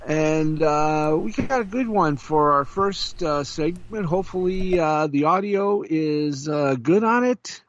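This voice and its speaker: A man's voice: a little high, slow pace, hardly any pauses, no echo, lo-fi sound. A man hosting a casual talk show, speaking unhurriedly with many filler sounds. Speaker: podcast host.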